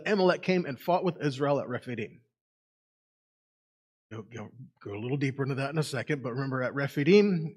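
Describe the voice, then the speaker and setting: A man giving a lively Bible teaching to a congregation, asking rhetorical questions and reading scripture aloud. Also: mid-range voice. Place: congregation meeting room.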